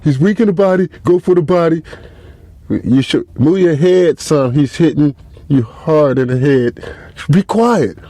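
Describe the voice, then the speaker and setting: A brash, domineering boxing coach, as a man puts him on, pitched high and loud, barking orders over his fighter's objections. The voice sounds close and dry. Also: animated, a little slow, no room sound. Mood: pushy.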